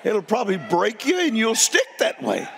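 Folksy gravelly preacher with a drawl. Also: male voice, high-pitched, huge pitch swings, normal speed. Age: older. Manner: folksy, playful, addresses crowd as y'all. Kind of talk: sermon storytelling. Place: church sanctuary. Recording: long hall reverb.

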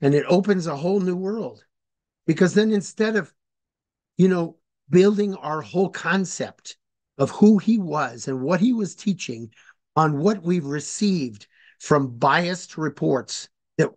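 A man giving an informal lecture, hesitant and deliberate with many fillers and restarts, explaining slowly and spelling words out. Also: on the high side, animated, a little mellow. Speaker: speaker on religious history.

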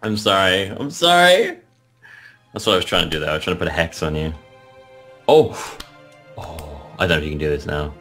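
A man commentating a game he plays, excitable, often yelping and laughing. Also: very deep voice, fast, soft background music. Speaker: gaming channel host. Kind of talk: let's play commentary.

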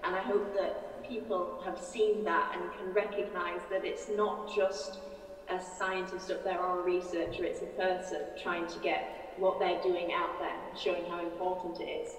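A woman finalist answering questions after her talk, nervous and quick to laugh. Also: fairly low pitch, little pitch movement. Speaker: competition finalist. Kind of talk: post-performance interview. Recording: echoey distant room with faint noise.

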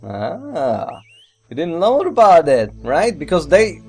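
Excitable man rambling over gameplay. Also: on the high side, slow pace, slightly rough, faint music behind. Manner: excitable, rambling, mild swearing. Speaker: let's play gamer. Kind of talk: gameplay commentary.

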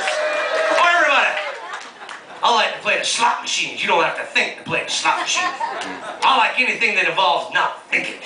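A man doing stand-up comedy, loudly teasing the crowd with mocking banter before a live audience. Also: very high-pitched, background noise. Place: cruise ship lounge before a live audience. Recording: echoey lounge taped from far off. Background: audience laughter.

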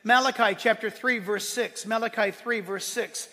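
A male pastor preaching a sermon, swinging between loud, emphatic declarations and quiet asides. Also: high-pitched, fairly even intonation, normal speed, breathy edge. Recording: long hall reverb.

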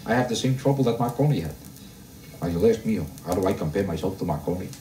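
A male stand-up comedian working a live crowd in a roomy club, heard a little off the mic. His pitch swings a lot as he kvetches in deadpan style and fires rhetorical questions at the audience. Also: quick pace, far from the mic, a little hiss or hum. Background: audience laughter.

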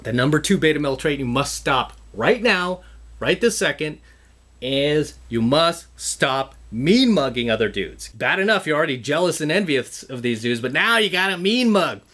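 A man's voice: on the high side, sing-song, normal speed, fairly bright tone. A man giving a blunt, profane motivational talk to camera, lecturing his viewers over and over. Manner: emphatic, repetitive, blunt and profane; lecturing, calls the audience "guys". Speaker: self-improvement vlogger.

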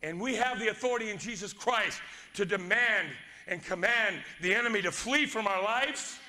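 A male pastor preaching with fervor, swinging from shouted lines to hushed, quiet passages. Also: high voice, moderate pace. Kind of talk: sermon.

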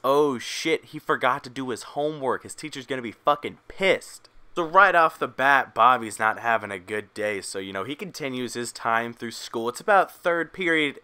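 A man's voice: medium pitch, sharp tone, clear, resonant tone. A young man narrating a crude, profane comic story on his own video channel, with a mocking tone. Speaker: YouTube comedy vlogger. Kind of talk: comedic storytelling vlog.

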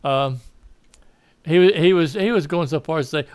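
A man's voice: a little high, moderate pace, pauses often, clear, resonant tone, no echo. A man with a Southern American accent giving a rambling political opinion monologue, often correcting himself and laughing at his own asides. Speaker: political commentator.

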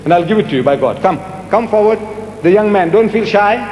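An older man answering audience questions in a public debate, animated and rhetorical, repeating words for emphasis. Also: high voice, a little fast, slight background noise. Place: large lecture hall. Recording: echoey hall with faint music.

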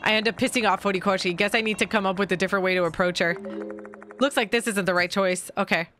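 A woman's voice: mid-range voice, steady tone, fast talker, a bit bright, soft background music. A woman streamer narrating a story game and chatting about her choices as she plays. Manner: chatty, reacts aloud while reading narration. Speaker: gaming streamer. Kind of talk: let's play commentary and reading.

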